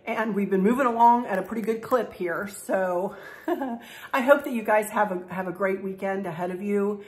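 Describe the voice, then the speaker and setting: A woman's voice: mid-range voice, normal speed. A middle-aged woman, chatting through a home decor vlog in a gushing, folksy way, teary and emotional. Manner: gushing, folksy, repeats herself. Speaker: craft and home decor vlogger.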